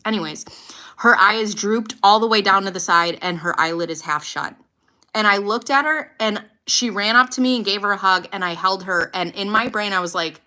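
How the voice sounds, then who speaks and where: Bright-voiced woman telling a blunt story. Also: medium pitch. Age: 30s. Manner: blunt, swears freely, animated retelling. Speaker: podcast host. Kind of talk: casual storytelling to a live audience.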